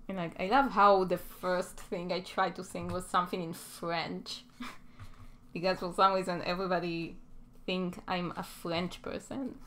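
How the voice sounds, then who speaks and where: A woman's voice: on the low side, level tone, unhurried, a bit bright, a little hiss or hum. A young adult woman with an Israeli accent, chatting casually and rambling a bit while she works on an animation stream. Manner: rambling, self-deprecating, chatty. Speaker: animation livestreamer. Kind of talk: casual chat while working.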